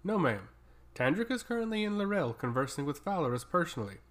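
A man voicing a tall, stoic woman abbot who speaks in a flat, emotionless monotone, in an audiobook reading. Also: fairly high pitch, fast talker. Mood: cold.

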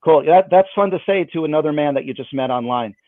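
Playful magician on a tinny line. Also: male voice, fairly high pitch, fast, no room sound. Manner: playful, self-mocking patter. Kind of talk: online magic performance. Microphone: video call. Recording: dry, phone-like band.

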